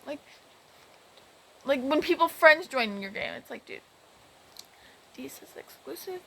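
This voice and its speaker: High, lively woman rambling about a game. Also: a little slow, gravelly, pauses often, faint music behind, low-quality recording. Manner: rambling, exasperated retelling with many restarts. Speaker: gaming vlogger. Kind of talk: casual storytelling about a game.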